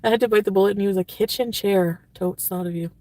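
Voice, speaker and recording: A woman streamer talking casually to her chat, rambling and leaning on "like" in nearly every sentence. She gets blunt and swears freely. Her voice is a middling pitch, picked up dry and a little away from the mic. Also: fast talker, dark tone, no echo, recorded from a distance. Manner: rambling, filler-heavy with constant "like"; blunt and profane when annoyed. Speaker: livestreamer reading chat.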